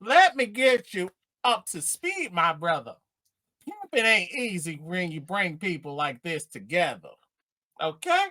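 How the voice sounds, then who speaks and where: A man's voice: high voice, big pitch swings, unhurried, sharp tone, voice pushed down, exaggerated voice. A man putting on a cocky streetwise pimp. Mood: cocky lecturing. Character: smooth-talking streetwise male pimp, cocky.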